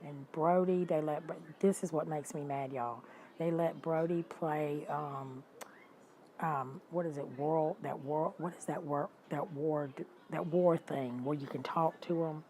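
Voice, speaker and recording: A woman, hosting a livestream and telling stories in an animated, indignant way while talking to her viewers. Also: deep voice, measured pace, slight background noise, poor audio. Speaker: livestream host. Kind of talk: casual storytelling to live chat.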